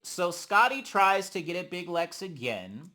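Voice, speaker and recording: A man's voice: sits high, very animated, measured pace, pushed and bright. A man giving a casual, sassy recap of a reality show. He calls the listener honey and acts out the quotes of the people he talks about. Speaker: reality TV reviewer.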